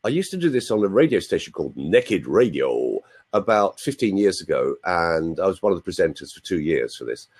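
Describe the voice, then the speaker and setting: A man's voice: sits low, big pitch swings, brisk, a little mellow, husky. A man in his sixties from London, with a London accent, telling stories in a chatty, playful way as a guest on a live video chat. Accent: London English. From London, England. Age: 60s. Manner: chatty, playful, asks listeners for confirmation.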